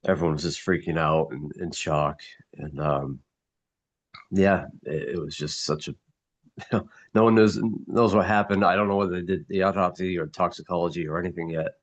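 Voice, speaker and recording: A middle-aged man in a casual group chat, grieving and somber, talking haltingly with many restarts. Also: low-pitched. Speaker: mastermind group member.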